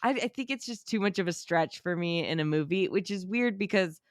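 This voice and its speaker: A young woman co-hosting a casual chat, animated and laughing often, with lots of fillers. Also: medium pitch, brisk, dry recording, studio quality. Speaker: podcast co-host.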